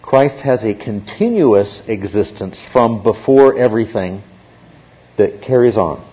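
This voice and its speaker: A man's voice: on the low side, lively intonation, measured pace. A man teaching a Bible class, explaining step by step and often checking in with his listeners. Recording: dull lo-fi recording.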